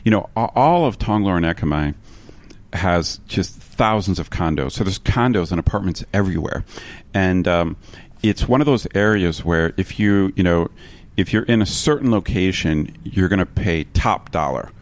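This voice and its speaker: A man's voice: sits low, lively intonation, moderate pace. A man co-hosting a podcast, chatting in an easygoing, agreeable way with frequent restarts. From expat living in Bangkok. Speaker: podcast co-host. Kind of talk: casual chat.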